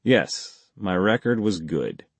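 A man's voice: low-pitched, very animated, takes it slowly, breathy edge, no echo, heavily acted. Man voicing a terse, guarded ex-army major. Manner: laconic, clipped, dry replies. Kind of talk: audiobook character voice.

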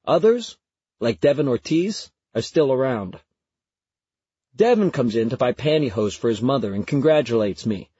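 A man narrates a first-person story in a conversational, storytelling manner, his husky voice rising and falling with lively intonation. The recording is close and dry, with a slightly dull, muffled tone. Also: medium pitch, moderate pace, no echo. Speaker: audiobook narrator.

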